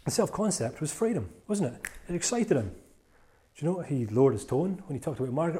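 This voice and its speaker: Animated, lively-voiced male seminar speaker. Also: on the high side, fairly quick. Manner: playful, animated, jokey with volunteers. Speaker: motivational speaker. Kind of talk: live seminar talk to an audience.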